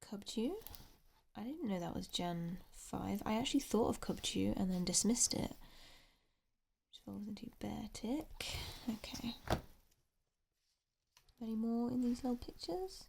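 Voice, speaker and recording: A young English woman speaking softly in ASMR style, murmuring to herself as she tries to recall names. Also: medium pitch, expressive, unhurried, vocal fry, long pauses, slight background noise. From England. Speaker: ASMR creator. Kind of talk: soft-spoken ASMR.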